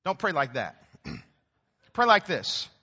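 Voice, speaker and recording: Emphatic male preacher with a lively, swooping voice, dull recording. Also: on the high side, slow, slightly rough. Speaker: pastor. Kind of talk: sermon. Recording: dull recording with long hall reverb.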